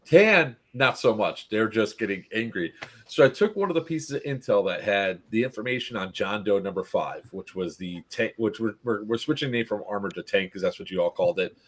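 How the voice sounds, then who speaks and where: A man recounting an airsoft-style event to friends in casual chat, laughing often and acting out what the players yelled. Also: on the low side, animated, a little fast. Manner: laughing storyteller, acts out players' lines. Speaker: event organizer recapping a game. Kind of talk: casual group chat recap.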